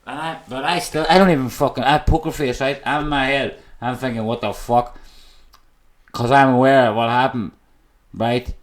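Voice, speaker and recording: A brisk, steady, mid-range male voice belongs to an Irish podcast guest telling his own story. It's candid and raw, full of emotion, and he swears constantly. The room is echoey.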